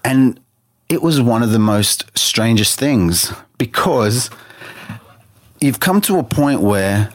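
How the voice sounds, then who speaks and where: A man's voice: medium pitch, animated, takes it slowly, no room sound, clean studio sound. A man telling a personal story in an interview, earnestly, with many restarts, acting out his own thoughts in quoted lines. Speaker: interview guest. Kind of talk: personal testimony in conversation.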